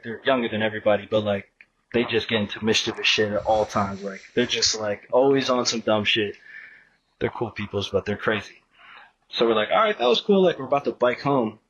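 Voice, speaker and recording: A man's voice: fairly low pitch, a bit bright, muffled recording, a little hiss or hum. A man guesting on a podcast, telling a long story in a rambling, profane, casual way and acting out what people said. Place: podcast studio.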